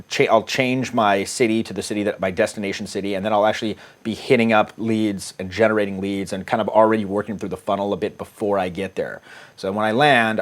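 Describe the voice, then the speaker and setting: A man, a dating coach, casually talking through text exchanges in a crude, irreverent, offhand way. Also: fairly low pitch. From United States.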